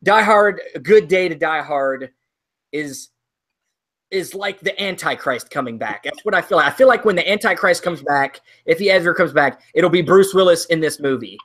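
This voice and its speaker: A man's voice: on the high side, animated, normal speed, a bit bright. A man co-hosting a casual movie talk show, rambling and ranting with lots of ums and restarts. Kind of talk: casual chat.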